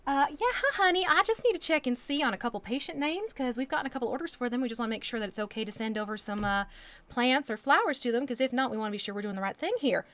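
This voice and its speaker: A woman's voice: fairly high pitch, animated, fast, fairly bright tone, voice pushed up. A woman voicing a sweet-talking woman on a phone call, in a Southern twang, calling people honey. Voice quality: syrupy, calls people honey.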